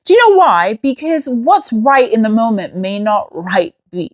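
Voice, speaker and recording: A woman from New York City talks in a casual, chatty voice note. Her American accent carries a slight British tinge. She tells her stories in a sassy, joking, animated way, like a friend confiding. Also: fairly high pitch, a little slow. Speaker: host.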